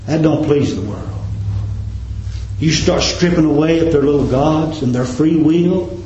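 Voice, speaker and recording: Man preaching, fiery rises and hushed drops, slightly high voice, roomy church sound. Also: measured pace, lo-fi sound, a little hiss or hum. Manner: fervent, rising to high emphatic peaks and dropping to low quiet endings. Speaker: pastor. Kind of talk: sermon.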